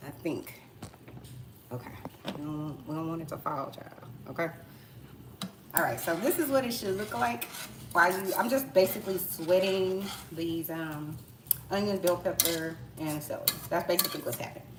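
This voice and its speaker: A woman's voice: lowish voice, normal speed, noisy background. Chatty woman cooking in an echoey kitchen. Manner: chatty, slangy, full of asides and rhetorical questions. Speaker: cooking live-streamer. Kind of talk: casual cooking live stream. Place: home kitchen. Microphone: tablet propped on the counter. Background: clatter of pots, utensils and stirring.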